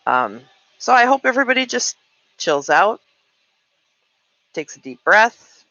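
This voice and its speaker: A woman's voice: mid-range voice, very animated, measured pace, sharp tone, no room sound, dull audio. A woman in her late forties chatting frankly to her live-stream viewers, venting and answering comments. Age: 40s. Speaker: livestream host. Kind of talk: casual live-stream chat.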